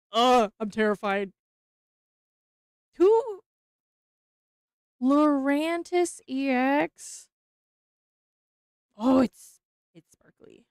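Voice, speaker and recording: A young woman streaming as she opens trading cards, talking casually, mumbling nervous asides and breaking into excited squeals. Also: high-pitched, vocal fry, clear, resonant tone, no echo, clean studio sound. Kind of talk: casual card-opening stream chat.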